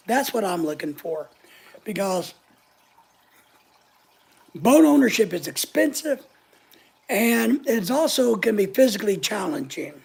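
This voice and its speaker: A woman's voice: mid-range voice, creaky, darkish tone, breathy edge. An older woman hosting a casual live chat, talking in a blunt, opinionated, chatty way. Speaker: channel host answering live chat.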